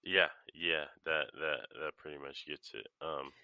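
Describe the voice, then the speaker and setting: Super deep voiced guy, punchy edge to it, reflective movie talk. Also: level tone, unhurried, sharp tone, clean tone, no echo, muffled recording. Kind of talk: casual movie-review chat.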